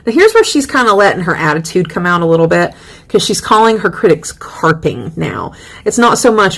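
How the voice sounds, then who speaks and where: A woman lectures on a poet in a casual, talky way. Her voice sits a little low and carries a gravelly fry, and she slips into quick put-on voices when quoting. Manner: chatty, animated, acts out voices in quotes. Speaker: literature teacher. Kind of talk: recorded lecture on poetry.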